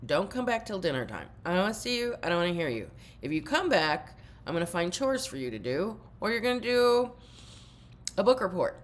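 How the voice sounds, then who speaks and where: A woman imitating a harsh, dismissive mother who loudly berates her child. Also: lowish voice, big pitch swings, brisk, voice pushed up. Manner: loud, berating.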